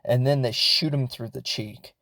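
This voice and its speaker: A man's voice: mid-range voice, fairly even intonation, moderate pace, bright, forceful tone, no echo. Rambly guy retelling a movie plot on his podcast, tons of "like" and "you know", laughs along, dry close sound. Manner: rambling and chatty, many fillers; laughs as he talks. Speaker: podcast host. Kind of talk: casual film recap.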